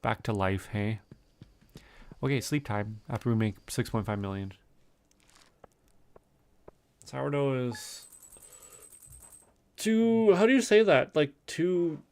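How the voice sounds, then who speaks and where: A man's voice: lowish voice, gravelly. A young man from Canada chatting casually with viewers while streaming a farming game, reading and answering chat with lots of fillers.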